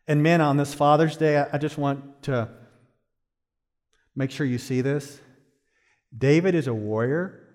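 A middle-aged male pastor preaches a sermon in a big-room acoustic, moving from hushed, slow phrases to loud, high-pitched exhortation.

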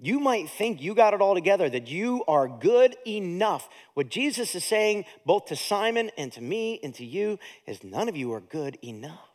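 A man preaching a sermon as pastor, in a lively, conversational way that mixes jokes and acted-out voices into his teaching. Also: sits high, moderate pace, hardly any pauses.

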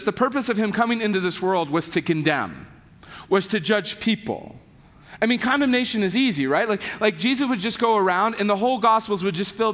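A man preaching a sermon in a conversational, animated way, sometimes dropping his voice low for emphasis. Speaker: pastor. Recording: echoey hall.

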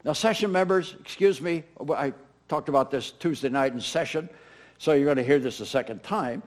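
This middle-aged pastor's sermon is emphatic and lively, with key lines said again and again. He has a fairly high voice and keeps to a normal speed.

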